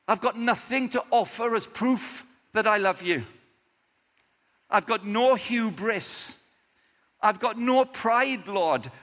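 A remorseful grown man, humbled and begging to be believed, his voice climbing high as he pleads, as a preacher puts him on. He speaks slowly, and the words ring out in a hall with a long echo. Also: fairly bright tone. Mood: pleading. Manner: earnest, pleading, voice rising high. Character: remorseful adult male disciple, humbled and pleading. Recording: reverberant hall.

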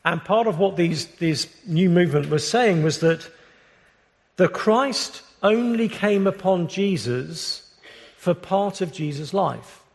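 A British man preaching a sermon as pastor, earnest and measured, often restarting his phrases. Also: high voice, expressive, vocal fry. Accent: British English. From Britain. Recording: long reverb of a large hall.

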